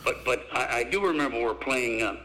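A man's voice: medium pitch, a little fast, rough recording. An older man, a former basketball coach, telling stories in an interview and acting out the people in them. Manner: animated storyteller, acts out quoted voices. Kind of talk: storytelling interview.

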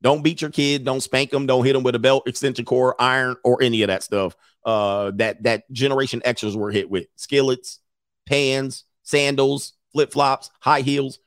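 A man's voice: mid-range voice, normal speed, no room sound, studio quality. A middle-aged man giving casual, profane commentary while reading an article aloud, laughing often and slipping into mocking impressions. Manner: blunt, profane, with frequent laughter; animated, swings into mocking impressions.

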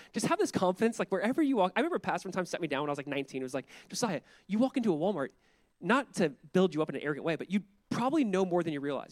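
A male pastor preaching a sermon in a conversational, animated way, full of asides and quick restarts. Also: high-pitched, no echo.

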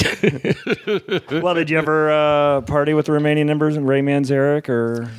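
A man hosting a podcast, asking questions in a casual interview and filling in with quick short replies. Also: a little high, clean tone, no echo. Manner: quick backchannels, lively questions. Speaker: podcast host.

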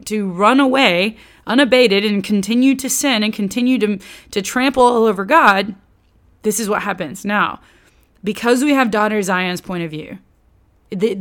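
A woman teaching on scripture, animated and chatty, her voice sitting at a middle pitch for a woman. She slips into quoted voices and casual slang, then slows down to stress a point. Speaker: Bible teacher.

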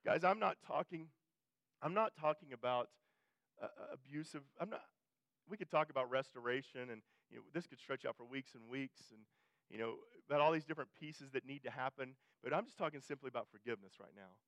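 A man's voice: medium pitch, brisk, fairly bright tone, no room sound. A male pastor preaching a sermon in a conversational way, often restarting and repeating phrases and pushing his voice up for emphasis.

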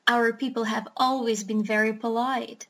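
A woman voicing a shy, very polite male two-headed beast in a storybook reading, speaking softly and gently. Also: a little high, little pitch movement, moderate pace.

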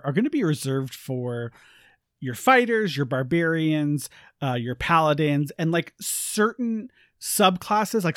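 A chatty man with a fairly high voice walks listeners through tabletop game rules. He talks in a relaxed way, full of fillers, on a dry, close recording. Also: no room sound. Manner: chatty, with many fillers and quick asides. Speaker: co-host. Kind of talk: casual explaining of game rules.

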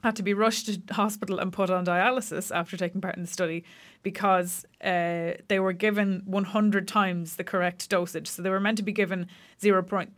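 A woman's voice: mid-range voice, steady tone, fairly quick, few pauses. A woman co-hosting a casual science podcast, explaining facts with many fillers and restarts. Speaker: podcast co-host.

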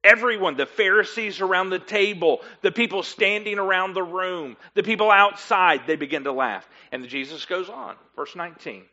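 A man preaching a sermon, telling the story in an animated way and acting out the voices of the listeners and the guests. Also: high voice, moderate pace, few pauses, muffled recording.

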